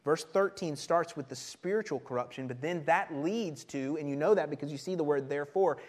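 Pastor, man, conversational sermon delivery, animated, a touch high-pitched. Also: a little fast. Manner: animated, laughs often, repeats words.

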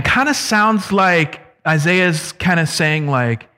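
A man preaching a sermon, his voice sitting a little high for a man. He speaks in a conversational, emphatic way, slowing to stress key words and reading scripture aloud. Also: expressive, sharp tone.

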